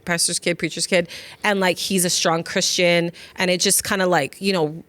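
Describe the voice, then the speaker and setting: A woman in her thirties or forties co-hosting a podcast, telling her faith story earnestly in quick bursts. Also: lowish voice, little pitch movement, fairly bright tone, dry recording. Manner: earnest, talks in bursts with many fillers and restarts. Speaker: podcast co-host. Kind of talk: heartfelt faith conversation.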